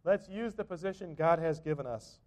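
A middle-aged man delivers a sermon from the pulpit in a notably high voice. He preaches conversationally as a pastor and keeps checking in with his listeners through rhetorical tag questions. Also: normal speed, darkish tone.

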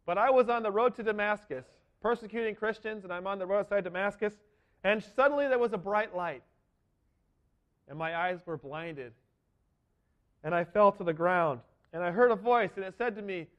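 High-voiced man preaching an earnest monologue. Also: moderate pace, highs cut off. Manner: earnest, emphatic. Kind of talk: first-person dramatic monologue sermon.

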